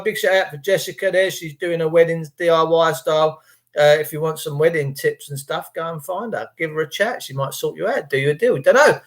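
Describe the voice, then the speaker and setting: Brief: English male streamer, jokey and crude, slightly higher voice. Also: moderate pace. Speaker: livestream host reading chat. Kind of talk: rambling casual monologue.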